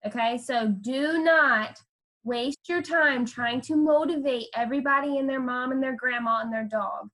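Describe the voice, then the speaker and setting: High-voiced emphatic woman coaching. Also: moderate pace, fairly bright tone. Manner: emphatic, repeats "okay?" for stress. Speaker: team leader on a group call. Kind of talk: coaching talk.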